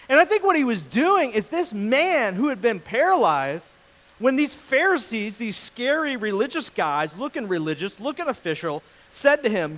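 A man's voice: very high voice, moderate pace, poor audio. A male pastor giving a casual, jokey sermon, acting out the people in the story. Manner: animated storyteller, acts out voices, jokey.

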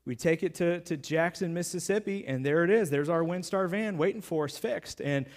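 A man's voice: on the high side, normal speed. A man, a pastor, preaching a sermon in a conversational storytelling manner with playful sarcasm.

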